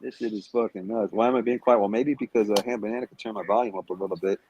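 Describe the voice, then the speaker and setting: A man's voice: fairly low pitch, fairly even intonation, racing, a little mellow, highs cut off, slight background noise. A man in a heated livestream rant, taunting and cursing at a rival, calling in remotely. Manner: profane, confrontational, taunting. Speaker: stream guest. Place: Las Vegas.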